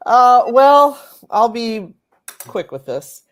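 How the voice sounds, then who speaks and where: A woman journalist on a panel, blunt and quick to laugh. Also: on the high side, big pitch swings. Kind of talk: casual panel chat.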